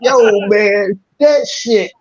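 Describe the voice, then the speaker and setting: A man co-hosting a casual podcast, telling stories in a loud, profane way and slipping into impressions. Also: high-pitched, very slow. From Philadelphia area. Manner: profane, animated storytelling with impressions. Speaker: podcast co-host. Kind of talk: casual chat. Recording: dull lo-fi stream audio.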